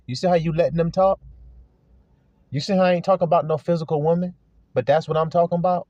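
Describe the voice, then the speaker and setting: A man's voice: on the high side, quick pace, dark tone, dry recording. A man preaching a sermon to his flock, asking pointed rhetorical questions in an earnest manner. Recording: dull lo-fi recording.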